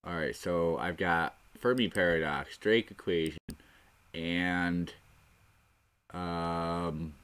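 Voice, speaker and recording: A man's voice: sits low, fairly even intonation, slow, fairly bright tone, clean tone. A man hosting a solo podcast, rambling in a scattered, self-mocking way. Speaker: podcast host. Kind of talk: rambling solo comedy monologue.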